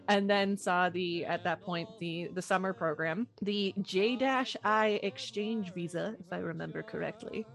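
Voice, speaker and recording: A woman's voice: lowish voice, measured pace, creaky, few pauses. Chatty woman podcast host. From Canada. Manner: chatty, self-mocking, acts out quoted voices. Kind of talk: casual chat.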